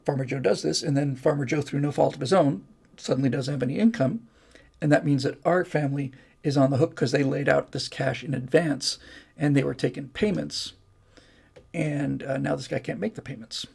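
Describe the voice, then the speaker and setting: Male livestream host, slightly high voice with heavy fry, rambling and chatty. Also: a little fast, darkish tone. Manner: rambling, chatty, with many restarts and fillers. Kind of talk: casual livestream Q&A.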